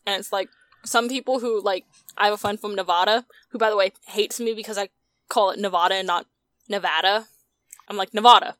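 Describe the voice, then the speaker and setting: A woman's voice: medium pitch, fairly even intonation, quick pace, fairly bright tone, no room sound. A woman with a Southern US accent, chatting casually as a player. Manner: chatty, amused. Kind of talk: casual chat.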